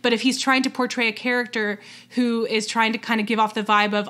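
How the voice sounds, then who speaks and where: Podcast co-host, woman, bright and a bit high, chatty with lots of fillers. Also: little pitch movement, fairly quick, few pauses. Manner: chatty, many fillers and restarts. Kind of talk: casual chat.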